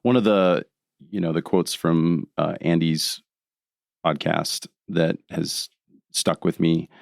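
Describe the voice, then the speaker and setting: A man speaking as a podcast guest, explaining his thoughts in a reflective, unhurried way. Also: sits low, steady tone, vocal fry, a little mellow, dry recording, studio quality. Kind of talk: casual podcast conversation.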